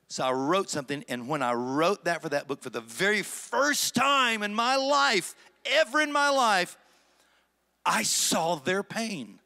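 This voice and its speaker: A man preaching a sermon as pastor, swinging between loud emphatic stretches and low, conversational asides. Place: church sanctuary.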